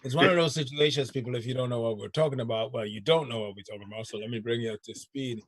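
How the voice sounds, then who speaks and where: A man's voice: medium pitch, very fast, slight background noise. A man hosting a casual chat show, laid-back and slangy, laughing often. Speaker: show host.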